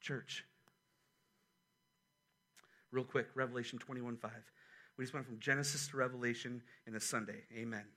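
A man preaching a sermon as pastor, animated and conversational, with quick asides to his church. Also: medium pitch. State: a little out of breath.

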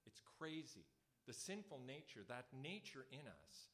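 A man gives a sermon in a relaxed, conversational manner. His pitch sits in the middle range, and he slips from scripture readings into everyday anecdotes with animated asides. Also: unhurried. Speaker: preacher.

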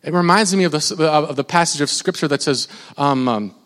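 A man with a high voice preaches a sermon, rambling conversationally and often restarting his sentences. His words ring out with a long reverb in a large church hall. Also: moderate pace, a bit bright. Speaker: pastor. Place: church sanctuary.

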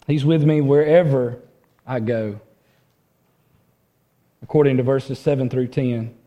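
A man preaching a sermon in earnest, swinging from loud emphasis to a hushed voice and often repeating words as he restarts. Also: mid-range voice, fairly even intonation, measured pace, muffled recording. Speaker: pastor.

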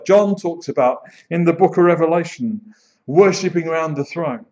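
Male pastor, slightly higher voice, preaching with expressive, drawn-out phrasing on a muffled recording. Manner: expressive, slows to dwell on phrases, animated storytelling. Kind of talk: sermon. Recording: dull lo-fi sound.

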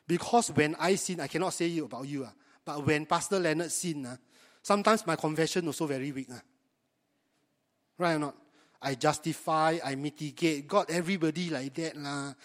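A man's voice: a little high, moderate pace, pauses often, long reverb tail. A man, preaching a sermon to his congregation in a conversational way and often asking them rhetorical questions. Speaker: pastor.

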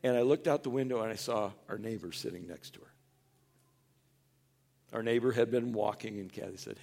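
Earnest, animated male pastor preaching. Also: normal speed. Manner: animated, acts out quoted voices in a higher, louder tone; earnest and conversational, drops soft for tender points. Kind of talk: sermon.

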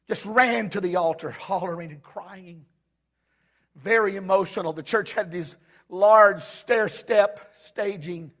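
Man, preacher, high-pitched, forceful tone, impassioned church sermon, shouts and hushed stretches. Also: takes it slowly. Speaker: pastor. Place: church sanctuary with a live congregation.

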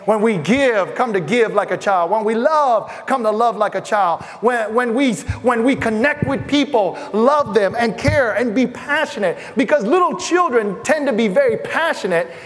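A man preaching in a church, his voice unusually high and carried by a long reverberant tail. He builds through emphatic repeated lists, then drops soft and low to tell personal stories. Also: expressive, moderate pace, hardly any pauses. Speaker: pastor. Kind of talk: sermon. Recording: reverberant hall.

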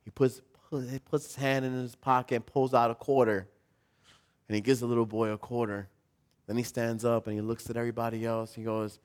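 Man pastor, thirties, casual sermon, storytelling, mid-pitched voice, joking asides. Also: little pitch movement, fairly quick. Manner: casual, storytelling, self-deprecating humor.

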